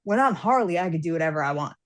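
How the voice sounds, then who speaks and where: Animated woman acting out her story. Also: lowish voice, rapid-fire. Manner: animated storyteller, acts out characters' lines. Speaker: guest author. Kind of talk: casual podcast chat.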